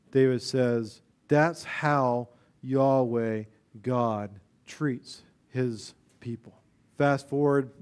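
A male pastor delivers a sermon, swelling into loud, emphatic passages and then sinking into quiet, low stretches.

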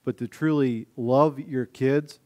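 Taking his time, a man delivers a spirited sermon as pastor. Loud emphasis gives way to soft, low asides, and he plays out the voices of everyday individuals.

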